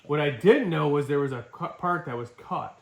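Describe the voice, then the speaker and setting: A middle-aged man from Wisconsin telling a hunting story in casual, animated talk. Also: fairly high pitch, normal speed, vocal fry. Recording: echoey room.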